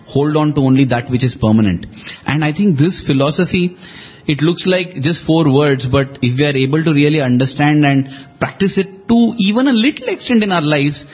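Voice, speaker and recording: A man's voice: fairly high pitch, breathy edge, muffled recording. A man reflectively retelling a scriptural story in conversation, acting out quoted lines with shifting emphasis.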